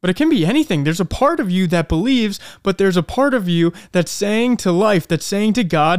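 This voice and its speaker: A male podcast host gives an earnest, reflective faith talk and slows down to stress key lines. His voice is smooth and resonant. The sound is dry and close, with no room echo. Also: high voice, animated. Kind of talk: faith-based motivational talk.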